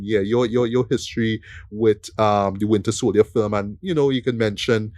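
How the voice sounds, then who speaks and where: A man's voice: on the low side, steady tone, moderate pace, hardly any pauses, a little mellow. A man hosting a casual film review podcast, rambling with many fillers and "right?" tag questions. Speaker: podcast host.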